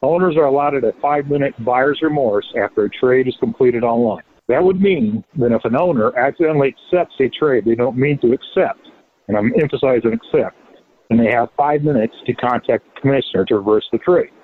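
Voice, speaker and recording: A man's voice: mid-range voice, brisk, slight background noise. A man ranting with irritation about a league rule in a recorded message. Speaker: league member sending an audio message. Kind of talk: recorded complaint. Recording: tinny phone-line recording.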